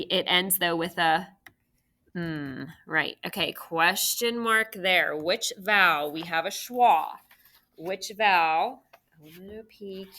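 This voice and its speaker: A woman teaches a recorded phonics lesson to young children. She speaks very slowly and patiently, sounding out each syllable. Her voice sits a little low but has a bright, clear edge.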